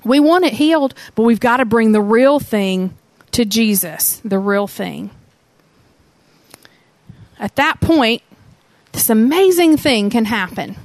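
A woman preaching a sermon, telling the story in an animated way and asking many rhetorical questions. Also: a little high, no echo.

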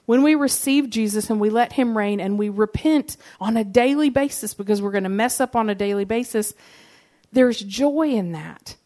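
A woman delivers a sermon, speaking at an ordinary pitch. She mixes in personal stories, speaks with humor and talks straight to her listeners. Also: moderate pace, a little mellow. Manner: conversational and humorous, addresses the audience directly. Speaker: speaker giving a church message.

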